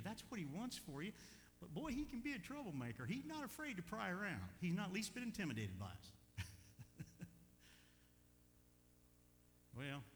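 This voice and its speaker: A man preaching a sermon as pastor, in a folksy, animated way with chuckles between points. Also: a little high, long reverb tail, slight background noise.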